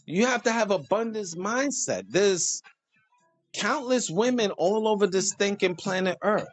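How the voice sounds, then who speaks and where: A man hosting a casual monologue, preachy and animated, joking and laughing at his own lines. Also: sits high, a little slow, soft background music. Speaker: host.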